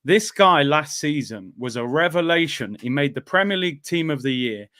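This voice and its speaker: A host with a slightly high-pitched voice leads a relaxed football chat. He speaks bluntly and animatedly and sticks to his strong opinions. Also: normal speed.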